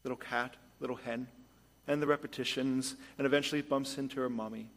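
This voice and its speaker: A man preaching a sermon as pastor, moving between hushed storytelling and emphatic points. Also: medium pitch, fairly even intonation, a little fast.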